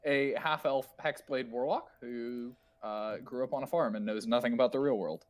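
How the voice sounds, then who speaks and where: A man's voice: medium pitch, moderate pace. A man playing in a tabletop game, flustered and mocking himself as he talks. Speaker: player. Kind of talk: casual tabletop game chat.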